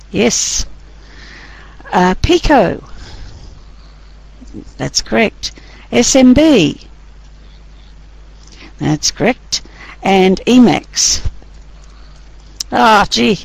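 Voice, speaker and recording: A woman lecturer talks her class through a quiz and lesson at an unhurried pace. Her voice has a gravelly, creaky edge. She is chatty and teasing. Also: on the high side, expressive, low-quality recording. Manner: chatty, teasing, laughs often.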